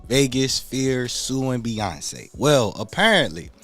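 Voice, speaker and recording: A man's voice: mid-range voice, big pitch swings, slow, a bit bright, soft background music. A man hosting a casual livestream, greeting viewers by name in laid-back slangy talk. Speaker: livestream host.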